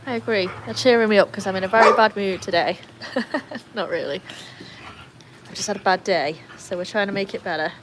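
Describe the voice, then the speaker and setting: A British woman hosting a casual livestream by her backyard pool, chatting and laughing often, cooing at her dogs in a high voice. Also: brisk, heavy background noise. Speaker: livestream host.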